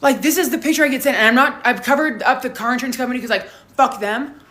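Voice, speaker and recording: A woman's voice: high voice, quick pace. Hungover young woman, swearing storyteller. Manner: heavy swearing, animated storytelling. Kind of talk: casual storytime vlog.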